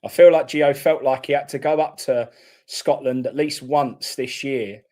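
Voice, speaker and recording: A man's voice: mid-range voice, steady tone, normal speed, mellow. A man hosting a live football watchalong, chatting casually and reacting bluntly to the play.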